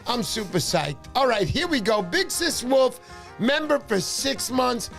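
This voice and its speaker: A man hosting a fishing livestream, talking fast and excitedly, shouting cheers and pitching memberships. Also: gravelly, faint music behind. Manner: loud, hyped, shouting cheers. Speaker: livestream host. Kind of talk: excited casual livestream chat.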